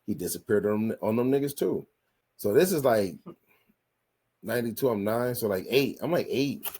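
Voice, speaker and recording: A man's voice: mid-range voice, animated, normal speed, a little mellow, slightly rough. A man in his forties hosting a podcast, telling rambling, profanity-laced stories in a casual chat and often repeating himself. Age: 40s. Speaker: podcast host. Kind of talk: casual storytelling.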